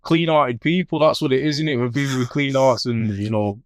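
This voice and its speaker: A man's voice: medium pitch, steady tone, a little fast, no echo, studio quality. A man hosting a podcast interview, offering brief, agreeing, sympathetic remarks to his guest. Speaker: podcast host.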